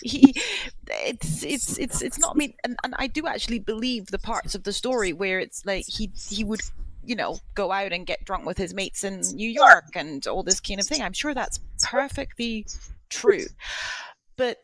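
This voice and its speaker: Woman podcast co-host, animated and emphatic, middle pitch, casual film chat. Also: moderate pace, no room sound, low-quality recording. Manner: animated, emphatic, many restarts.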